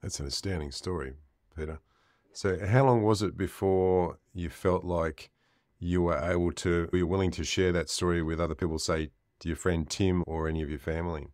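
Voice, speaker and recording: Very deep male host voice, dry sound, calm measured questions. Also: no room sound. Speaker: interview host. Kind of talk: interview questions.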